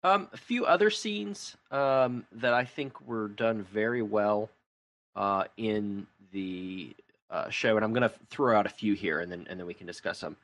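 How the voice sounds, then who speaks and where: Low-pitched male co-host; thoughtful, analytical chat. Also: unhurried, a bit bright. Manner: reflective, builds long comparisons. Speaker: podcast co-host. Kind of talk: casual discussion.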